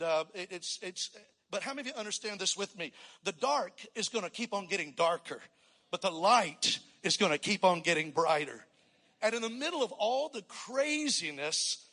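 High-voiced preacher in a reverberant hall. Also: male voice. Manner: energetic, calls for congregational response. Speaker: pastor. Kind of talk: sermon. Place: church sanctuary. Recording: long reverb in a church hall.

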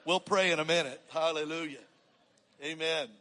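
Brief: energetic male preacher, high ringing voice, sermon in a big echoing sanctuary. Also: moderate pace. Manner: energetic, calls for congregational response. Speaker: pastor. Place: church sanctuary. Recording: long reverb in a church hall.

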